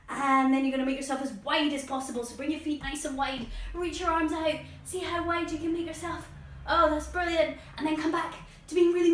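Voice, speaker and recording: A woman's voice: a little high, fairly bright tone, far from the mic. A woman leading a guided children's yoga lesson at home, playful and encouraging, with silly animal noises. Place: room at home with plants. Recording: echoey room, voice off-mic.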